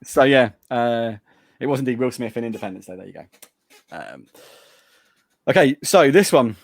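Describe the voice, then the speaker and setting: A man's voice: medium pitch, lively intonation, normal speed, vocal fry, no echo. A man hosting a casual podcast movie quote quiz, playful and teasing. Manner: playful, reads out quotes and teases. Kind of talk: casual chat.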